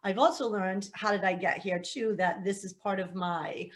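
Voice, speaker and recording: A woman's voice: medium pitch, moderate pace. A middle-aged woman, a psychic medium guest, telling her life story in a casual podcast chat, laughing and acting out what people said. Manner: animated, laughing, acts out quotes.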